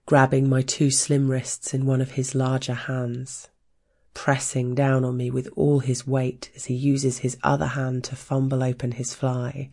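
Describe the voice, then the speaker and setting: A woman narrates a first-person erotic story, her voice husky and edged with fry. She keeps the delivery slow and intimate, with little rise and fall, and drops into whispers at times. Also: a bass voice, warm tone.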